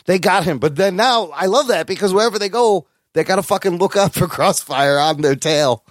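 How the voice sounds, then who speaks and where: A man co-hosting a podcast in casual chat, profane and enthusiastic, with animated swings in pitch. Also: fairly quick, no room sound, clean studio sound. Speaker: podcast co-host.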